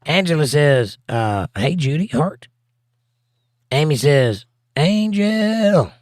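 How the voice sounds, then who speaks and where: A man's voice: mid-range voice, lively intonation, slow pace, dry recording, studio quality. A man hosting a casual live stream, reading viewer comments aloud and joking back at them. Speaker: livestream host.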